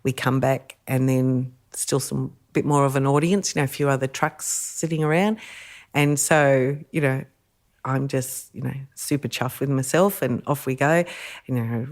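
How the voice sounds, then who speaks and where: A middle-aged woman with an Australian accent, a podcast guest telling lively stories with frequent laughter. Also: rumbling low. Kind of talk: storytelling in casual chat.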